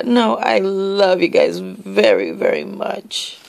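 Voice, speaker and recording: Emotional woman vlogger, gravelly voice, slow rambling delivery. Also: mid-range voice, big pitch swings. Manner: emotional, tearful, gushing; rambling with many restarts and soft asides. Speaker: vlogger opening happy mail. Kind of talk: casual vlog.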